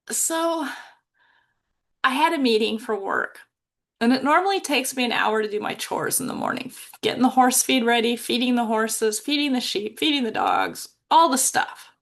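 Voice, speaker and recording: A middle-aged woman speaks slowly and softly into her podcast mic in a fairly high voice. She tells a personal story with emotion close to the surface, pausing as she reflects. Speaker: podcast host.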